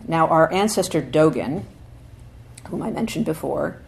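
Low-voiced woman giving a dharma talk. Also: expressive, gravelly. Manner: thoughtful, often checks in with "right?"; reads quotations slowly and with emphasis. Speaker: Zen teacher.

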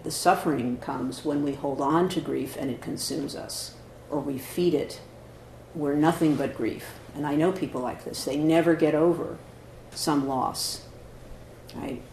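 A man's voice: fairly high pitch, creaky, darkish tone. Zen teacher guy chatting through a talk, lots of "right?", echoey hall, bit of hiss. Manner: conversational, frequent "right?" and "you know". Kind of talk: dharma talk answering questions. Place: meditation hall. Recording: echoey hall, faint noise.

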